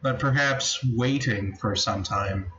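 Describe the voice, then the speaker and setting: A man's voice: takes it slowly, a crowd in the background. A man acting as game master of a tabletop game, thinking aloud with hesitant restarts. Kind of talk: running a tabletop game session. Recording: dull low-fidelity recording with faint noise.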